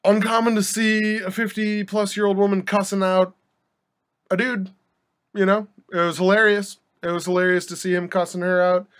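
A young man with a slightly higher voice than most tells a long story on his podcast. He rambles and restarts, throws in asides, and keeps a wry, joking edge throughout. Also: level tone, normal speed, fairly bright tone, clear, resonant tone. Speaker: podcast host. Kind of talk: casual storytelling monologue.

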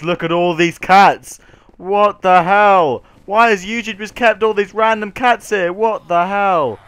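A man narrating a comedic video game skit, with exaggerated, melodramatic exclamations, sarcastic asides and bursts of panicked yelling. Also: high voice, fairly even intonation, measured pace. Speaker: YouTuber touring a game build. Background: clear background music.

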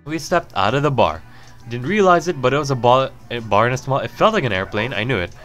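A man hosting a let's play, reading game text aloud and reacting with animated jokes and exclamations. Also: medium pitch, fairly quick, faint music behind. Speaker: gaming video host.

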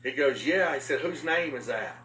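A man preaching a sermon as a pastor, telling a story with voiced quotes in an animated way. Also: medium pitch, moderate pace. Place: live-streamed talk. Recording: echoey room from far off, faint noise.

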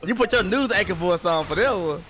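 Brash trash-talking streamer, high lively voice. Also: male voice, fairly quick. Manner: brash, profane, taunting. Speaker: streamer playing a fighting game. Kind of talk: trash-talking live gameplay commentary.

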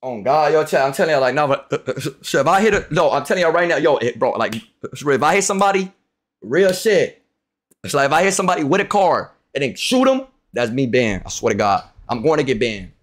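A young man streaming a game, ranting in a profane, casual way that swings from loud outbursts to low muttering. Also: sing-song, a little fast. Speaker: livestreamer. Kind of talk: casual gameplay commentary.

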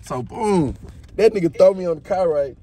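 Young man, high voice, animated, profane, laughing storyteller. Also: moderate pace. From Mississippi, US. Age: young adult. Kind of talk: casual storytime among friends.

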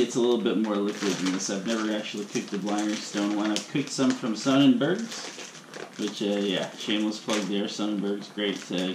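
A man hosting his own cooking video in a home kitchen, talking in a rambling, chatty way full of asides. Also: on the low side. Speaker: cooking channel host. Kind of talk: casual cooking vlog. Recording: echoey kitchen with faint room noise.

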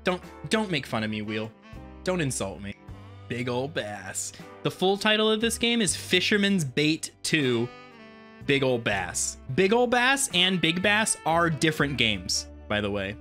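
Excitable, bright-voiced game streamer. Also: medium pitch. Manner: excitable, swears a lot, yelps at jump scares. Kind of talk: casual let's-play commentary.

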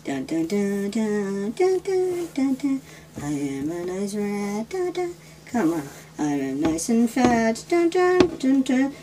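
Man doing a plump rat, high and coaxing, sing-song, keen to be eaten. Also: huge pitch swings, takes it slowly, noisy background, heavily acted. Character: chubby pleading pet-food rat, eager to be eaten.

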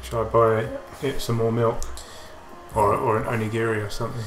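A man's voice: medium pitch, level tone, brisk, roomy sound, faint music behind. A man hosting a let's play, trading dry, teasing banter in casual gameplay commentary.

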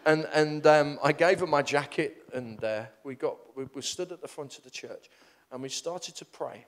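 This middle-aged preacher tells stories from the pulpit at a moderate pace, his voice sitting on the high side. His delivery is lively and self-deprecating, wandering off and starting over often.

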